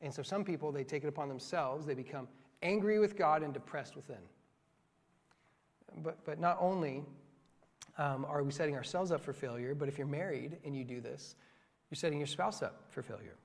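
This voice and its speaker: A young man preaches with a high, bright voice, bouncing between earnest points and playful asides. His words ring out with a long reverb through a church hall. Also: creaky. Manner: animated, joking preaching with quick asides. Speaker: pastor. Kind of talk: sermon. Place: church sanctuary.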